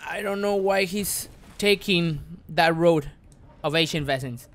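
A man streaming a game live, commenting excitably, muttering and repeating himself, then bursting into loud yelps and swearing. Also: a little high, a little slow. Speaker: gaming streamer.

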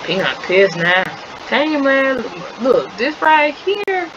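A woman giving chatty, playful gameplay commentary in casual slang, on a slightly dull recording with steady noise behind. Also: high voice, slow. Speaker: gaming video creator.

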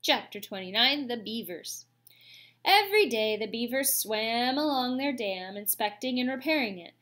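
A woman reading a children's novel aloud, telling the story in a clear, steady way. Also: on the high side, moderate pace. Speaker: audiobook reader.

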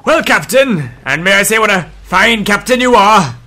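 A man's voice: sits high, expressive, normal speed, pushed and bright, voice pushed up, exaggerated voice. A man voicing a cheeky, pompous male fairy lord in a fan dub of a game, talking in a theatrical, flowery way. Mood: grand.

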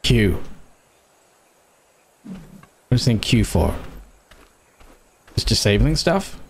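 Man, young, game commentary, excitable, swears a lot, faint clicking behind. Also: lowish voice, drawn-out words, slight background noise. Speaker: streamer. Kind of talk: gameplay commentary.

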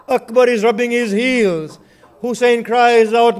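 A man preaching a Muharram lament sermon, recounting in a slow, mournful, drawn-out way. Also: high-pitched, darkish tone.

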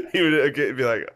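A man in casual podcast talk who keeps breaking into laughter as he tells family stories. His pitch rises and falls a lot, and he jumps into gruff impressions of his father. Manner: laughing storyteller, mimics his dad. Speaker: podcast host. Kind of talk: casual chat.

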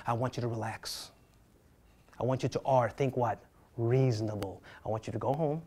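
Teaching real estate with a mid-range voice and a brisk pace, this middle-aged man lectures with plenty of energy. He dramatically plays panicked agents and trades jokes with the class.

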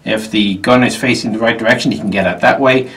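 A man's voice: on the low side, fast, a bit bright. A man presenting a tank's interior in a casual walk-through, explaining with dry humor while sweating on a hot day. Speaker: tank historian presenter. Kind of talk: informal walk-through tour. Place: inside a tank hatch, outdoors. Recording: distant backup mic.

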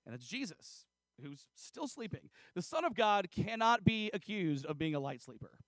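A man with a high voice giving a casual church sermon. He tells the story in a loose, chatty way, full of fillers and little acted-out lines. The sound is dry and close. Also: big pitch swings, moderate pace, fairly bright tone, no room sound. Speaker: pastor.

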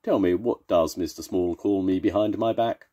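An older man voicing indignant, easily angered storybook men who shout and bluster. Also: sits low, moderate pace, pitched above the performer's own voice.

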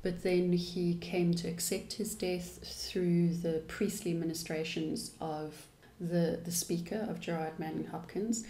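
Woman, English teacher, mellow tone, roomy echo. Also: lowish voice, level tone, unhurried. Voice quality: thoughtful, explanatory manner with restarts. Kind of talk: poetry lesson. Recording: echoey room.

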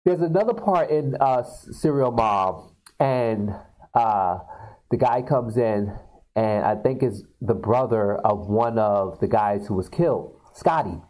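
A man casually retelling film scenes to viewers on his video channel, talking in an animated way with many fillers. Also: on the low side, unhurried, rough recording. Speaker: video blogger. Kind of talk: casual storytelling.

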